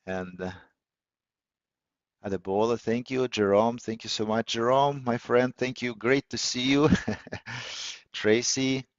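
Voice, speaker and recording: A man hosting a live online audio session, teaching in a measured way with many fillers and restarts. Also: mid-range voice, fairly even intonation, no room sound. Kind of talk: teaching talk on listening skills. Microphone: computer or phone mic on a call. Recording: dull, lo-fi audio call, dry.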